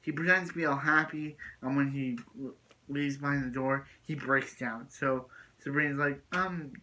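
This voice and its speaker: Bright-voiced man rambling through a recap. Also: mid-range voice, little pitch movement, moderate pace, low-quality recording. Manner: rambling, repeats and restarts phrases. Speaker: video reviewer. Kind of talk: casual episode recap.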